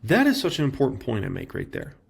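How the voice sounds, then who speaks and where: A man in his thirties hosting an investing channel, talking straight to his viewers in an animated, casual way. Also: mid-range voice, quick pace, creaky, slightly rough. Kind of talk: casual reaction commentary.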